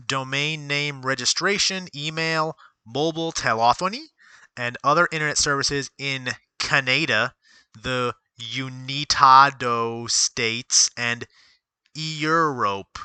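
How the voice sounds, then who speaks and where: A man streams casual commentary from a desk at home, his voice very bright and clean. The sound is dry and close. He rambles, reads aloud, and talks to himself, often stopping to correct a word. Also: on the high side, a little slow, clean tone, dry recording. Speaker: streamer reviewing stocks.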